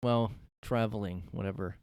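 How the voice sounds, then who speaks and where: A man's voice: on the low side, fairly even intonation, normal speed, a little mellow, smooth, dry recording, clean studio sound. Sarcastic, profane young man ranting. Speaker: podcast host. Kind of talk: casual solo podcast rant. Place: his own room.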